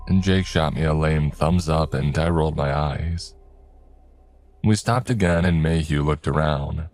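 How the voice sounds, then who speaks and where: Very deep-voiced man narrating horror. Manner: steady, measured storytelling. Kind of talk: scripted horror story narration. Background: faint music.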